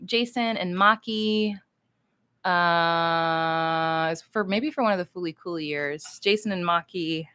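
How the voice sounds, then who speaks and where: A woman's voice: fairly low pitch, fairly bright tone, clear, resonant tone, no room sound. A woman chatting casually and playfully on a livestream as she signs cards, rambling as she writes. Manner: chatty, rambling, talks while writing; playful and upbeat. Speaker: voice actress signing cards on a livestream.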